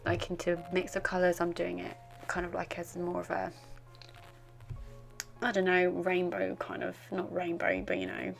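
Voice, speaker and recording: Girl rambling over her craft video, real gravelly fry, bit of music behind. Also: on the low side, completely flat delivery, moderate pace. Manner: rambling, self-deprecating, giggly. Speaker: art journaling vlogger. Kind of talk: casual voice-over narration.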